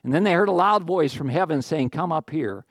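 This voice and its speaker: A middle-aged male pastor delivering a sermon, lively and joking, now and then acting out other people's words. His voice sits a bit high for a man. The sound is close and dry, with no room around it. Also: a little fast, no room sound. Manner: animated, jokey asides, acts out quoted voices.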